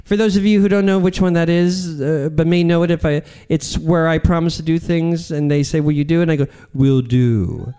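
A middle-aged man, a comedian, telling stories in an interview in an animated, self-deprecating, rambling way. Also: on the high side, fairly quick, few pauses, clear, resonant tone. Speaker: guest comedian. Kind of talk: interview storytelling.

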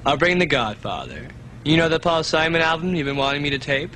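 A man's voice: a little high, animated, fairly quick, pushed and bright, a little hiss or hum. A breezy promise-breaking guy. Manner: offhand, airily apologetic. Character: breezy unreliable man who breaks promises. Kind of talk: TV sketch comedy acting.

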